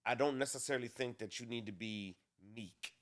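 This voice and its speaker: A man co-hosting a casual talk show about marriage, speaking in a deliberate, measured way with some restarts. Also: mid-range voice, fairly bright tone. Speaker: co-host.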